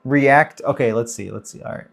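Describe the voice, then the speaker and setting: A man's voice: medium pitch, normal speed, gravelly. A man in his thirties hosting a casual livestream Q&A, chatting loosely and greeting viewers by name as he reads the chat. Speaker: livestream host.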